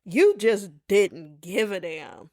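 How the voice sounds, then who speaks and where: Sassy animated woman podcast host. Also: mid-range voice, slow. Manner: sassy, animated storytelling with playful voices for others; colloquial, says "y'all" and "baby". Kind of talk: casual solo podcast chat.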